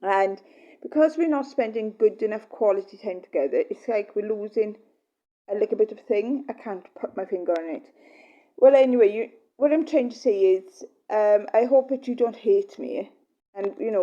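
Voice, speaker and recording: A woman's voice: mid-range voice, animated, normal speed, dark tone, muffled recording. A middle-aged woman, a mother, talking earnestly to her partner in a rambling, apologetic monologue full of fillers. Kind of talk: personal heartfelt monologue.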